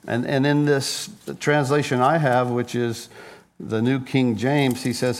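A man's voice: on the high side, measured pace. A man preaching a conversational sermon as a pastor, joking and telling stories, often repeating words as he goes. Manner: playful, joking storyteller; frequent word repeats.

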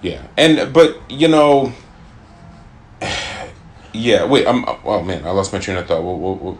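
A man's voice: low-pitched, measured pace, echoey room. A man co-hosting a podcast, chatting casually, rambling and stumbling over repeated words. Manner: rambling, loses his train of thought, repeats words. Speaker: podcast co-host. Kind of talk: casual chat.

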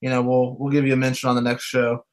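Man co-host, mid-pitched, relaxed and teasing, steers the show. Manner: laid-back, joking, drawn-out fillers. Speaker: podcast co-host. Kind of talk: casual sports talk.

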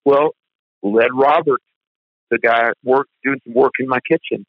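A male guest telling stories in an animated, conversational way, acting out the people he quotes. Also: mid-range voice, normal speed, no echo. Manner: animated storyteller, quotes others in his voice. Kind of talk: conversational testimony. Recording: dry phone-like line.

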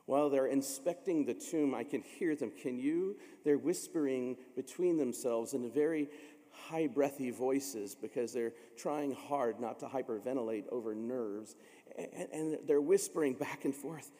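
Expressive man preaching with reverb. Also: medium pitch, normal speed. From Illinois, USA. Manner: dramatic storytelling, acting out voices. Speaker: pastor. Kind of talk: sermon.

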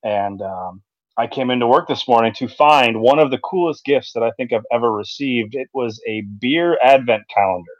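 A man's voice: medium pitch, moderate pace, dry recording. Man co-host, rambling storyteller, dry dull-sounding mic. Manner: rambling, full of ums and restarts. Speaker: podcast co-host. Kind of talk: casual chat.

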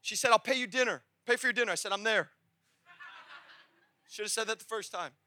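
High bright-voiced man preaching. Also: brisk. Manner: emotional testimony, swings from hushed to shouting. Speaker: pastor. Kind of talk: sermon. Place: church sanctuary.

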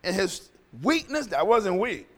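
A man's voice: high-pitched, sing-song, a little slow, a bit bright, in a large hall. A male pastor preaching a sermon in a conversational, storytelling way, often repeating phrases.

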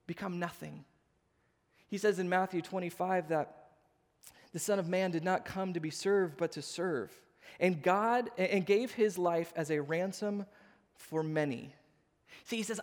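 A man in his thirties, a pastor, preaching a sermon with animated storytelling, acting out the voices of people in his stories. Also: high-pitched, moderate pace. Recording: long hall reverb.

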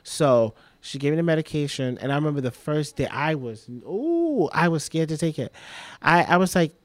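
A man's voice: fairly high pitch, big pitch swings, moderate pace, dry recording. A young man telling a personal story as a podcast guest, rambling and repeating himself, leaning on "like" all the time. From Trinidad.

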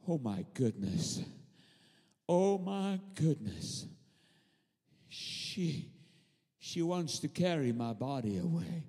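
A man voicing Jesus, speaking low, soft and wondering. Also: big pitch swings, measured pace, long pauses, breathy edge, heavily acted. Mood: tender. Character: gentle, hushed Jesus speaking with tender surprise. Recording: long hall reverb.

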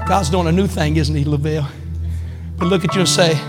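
A man preaching a sermon as pastor, emphatic, swinging between loud calls and quiet asides. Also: fairly high pitch, fairly even intonation, brisk, long reverb tail, music in the background. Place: church sanctuary.

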